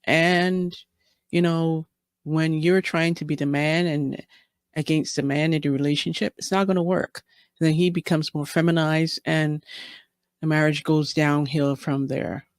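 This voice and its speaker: A man hosting a reaction channel, commenting on a clip in a flat, scripted-sounding way. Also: fairly high pitch, a little slow, smooth, dry recording, clean studio sound.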